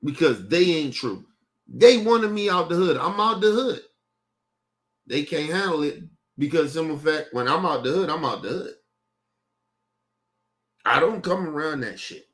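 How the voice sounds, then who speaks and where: With a voice on the high side and lively intonation, a young stream host keeps a measured pace broken by long pauses. He's ranting casually to viewers about his family, heated and profane, saying the same things again and again.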